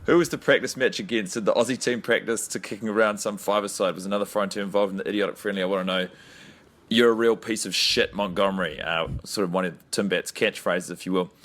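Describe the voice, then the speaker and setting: A New man co-hosting a podcast over a remote call, talking in a deadpan, mock-exasperated way. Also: fairly low pitch, fast. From New Zealand. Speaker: podcast co-host. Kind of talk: casual chat. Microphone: remote call, home mic.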